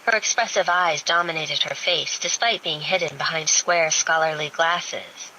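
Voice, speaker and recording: Woman reading a romance audiobook, bright voice, steady pace, faint hiss. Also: sits low, normal speed, rough recording. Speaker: audiobook narrator. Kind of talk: scripted romance narration.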